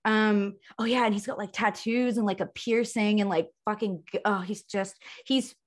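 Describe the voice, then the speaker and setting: A woman's voice: medium pitch, fairly even intonation, normal speed. A young woman chatting candidly on a podcast, rambling, swearing and laughing often. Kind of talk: casual podcast chat.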